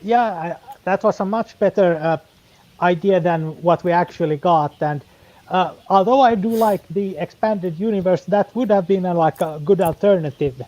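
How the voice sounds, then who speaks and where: Man, stream guest, hesitant and mild, high voice, dull lo-fi sound. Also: normal speed, a little mellow. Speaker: guest speaker. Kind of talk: casual live-stream chat.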